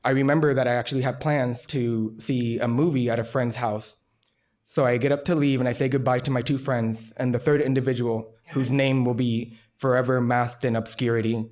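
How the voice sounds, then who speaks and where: A man's voice: medium pitch, steady tone, normal speed, darkish tone. A man telling a true personal story on stage in a candid, self-deprecating way with a wry humor.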